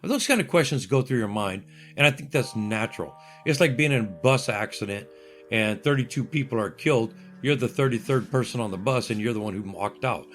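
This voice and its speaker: A man's voice: medium pitch, a little fast, faint music behind. An older man, a guest in an interview, telling stories with wry humor and acting out what other people said. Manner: lively anecdotal, acts out voices of others. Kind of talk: interview storytelling.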